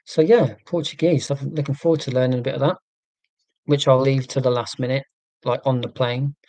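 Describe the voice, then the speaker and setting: A man's voice: mid-range voice, steady tone, fairly quick, a little mellow, no room sound. A man from England hosting a live stream, chatting in a rambling, self-deprecating, joking way. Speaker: livestream host.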